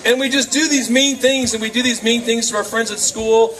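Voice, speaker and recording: A camp speaker with a very high-pitched voice talks a little fast to kids at a youth session, animatedly telling stories and acting out voices. A distant camcorder mic captures him along with faint room noise.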